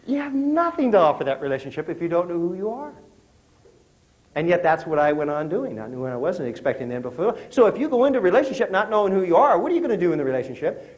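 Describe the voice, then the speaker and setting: A man's voice: high-pitched, darkish tone, poor audio. A middle-aged man giving a motivational talk to a live audience, conversational and joking, often asking the audience questions. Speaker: motivational speaker.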